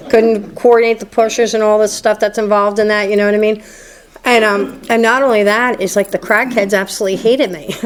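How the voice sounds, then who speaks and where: Flat-voiced woman telling her story. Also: medium pitch. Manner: candid, self-deprecating, laughs at her own past. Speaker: recovery meeting speaker. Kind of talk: personal testimony talk. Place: meeting hall before a live group.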